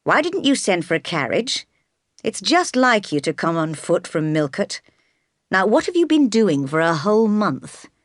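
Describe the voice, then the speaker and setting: Woman doing a teasing brooding gentleman. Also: medium pitch, very animated, normal speed, no echo, clean studio sound, close to an everyday voice.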